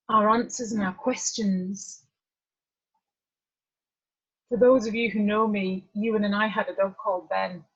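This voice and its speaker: A woman's voice: mid-range voice, husky. A middle-aged woman from northern England telling a personal story to a group, candid and conversational with drifting asides. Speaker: workshop speaker. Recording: muffled lo-fi recording.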